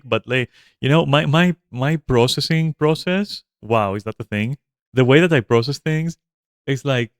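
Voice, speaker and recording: A man streaming a game, telling a story casually, animated and profane, with lots of fillers and restarts. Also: medium pitch, clean tone, no echo, studio quality. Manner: animated, profane, frequent fillers and self-interruptions; chats to viewers and a pet between stories.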